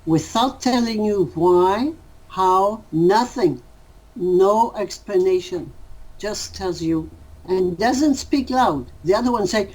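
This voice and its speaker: A woman gives interview answers at an unhurried, deliberate pace, stopping now and then to find a better word. Her voice sits at a middling pitch, and her delivery stays reflective and measured. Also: a little mellow, rough recording. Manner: measured, pausing to rephrase.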